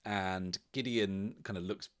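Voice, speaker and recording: A man's voice: low-pitched, steady tone, slow pace, clean tone. A man playing and narrating a solo tabletop game, thinking aloud in a loose, chatty way.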